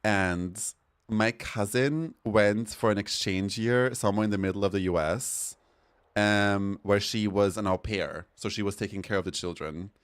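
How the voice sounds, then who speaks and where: Chatty campy man, a bit low. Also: a little slow, clear, resonant tone. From Europe. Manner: chatty, campy, animated storytelling with swearing. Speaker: streamer. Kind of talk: casual chat while gaming.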